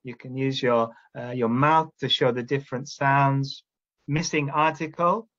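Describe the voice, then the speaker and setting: A man's voice: medium pitch, fairly even intonation, a little slow, a bit bright, lo-fi sound. A man training teachers, explaining classroom steps and checking in often with "all right?". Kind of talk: instructional talk to teachers.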